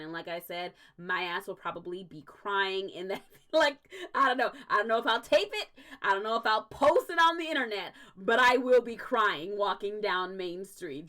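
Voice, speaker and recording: A woman's voice: mid-range voice, a bit bright. A young adult woman hosting a casual livestream, ranting emphatically with frequent swearing and laughter. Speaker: stream host.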